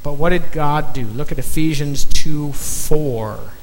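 A man preaching a sermon in slow, emphatic phrases, dropping to a near-whisper on key words. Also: fairly high pitch. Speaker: pastor. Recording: long reverb of a large hall, faint noise.

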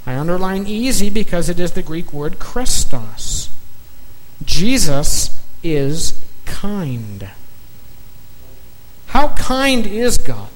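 A man preaching a sermon in slow, emphatic phrases, dropping to a near-whisper on key words. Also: high voice. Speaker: pastor. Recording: long reverb of a large hall, faint noise.

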